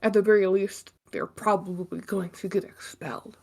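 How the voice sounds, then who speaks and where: A woman's voice: medium pitch, fairly even intonation, normal speed, vocal fry, a little mellow. A woman giving playful, exaggerated running commentary during a play reading. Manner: joking, exaggerating, frequent laughter.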